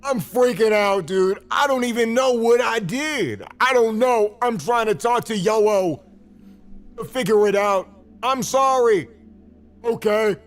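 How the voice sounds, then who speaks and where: A man's voice: very high-pitched, measured pace. A man in a played clip, begging frantically and repeating himself, close to tears. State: near tears. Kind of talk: desperate pleading monologue.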